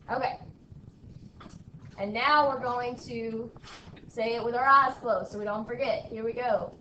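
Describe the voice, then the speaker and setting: A woman teacher with a slightly high voice leads a math lesson, drilling students through call-and-response and often asking "okay?" She speaks a little slowly with fairly even intonation and frequent pauses. Captured from afar in an echoey room, the audio has cut-off highs and faint background noise.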